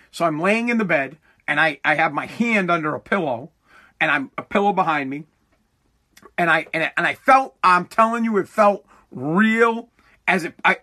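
On his own podcast, a man talks loosely and profanely, restarting often as he rambles through a casual monologue. His voice is high-pitched, pushed and bright.

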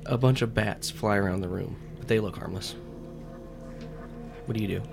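Low-voiced male game master. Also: normal speed, gravelly, music in the background. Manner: loose, joking, stumbles over words. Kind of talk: narrating a tabletop game.

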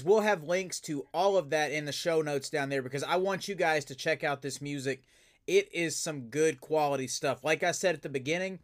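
A man hosting a podcast, an enthusiastic and animated storyteller chatting casually. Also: fairly high pitch. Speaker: podcast host and voice actor. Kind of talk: casual interview chat.

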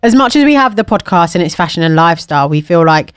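A woman's voice: fairly low pitch, expressive, quick pace, clean tone, dry recording, clean studio sound. A young woman co-hosting a podcast, chatting casually with giggles and plugging the show. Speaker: podcast co-host. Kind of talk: casual chat.

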